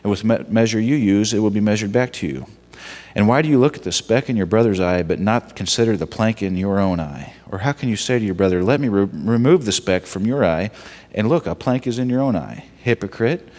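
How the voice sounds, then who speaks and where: A man giving a conversational sermon and reading scripture, talking in a halting way with frequent restarts and asides. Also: on the low side, lively intonation, a little mellow, in a large hall. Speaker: guest preacher, son of the pastor. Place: church sanctuary.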